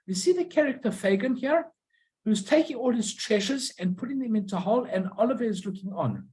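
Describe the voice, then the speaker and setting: A middle-aged woman giving an informal illustrated lecture on postcards, who often pauses to search for her words and tells anecdotes along the way. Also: a little high, lively intonation, mellow, low-quality recording.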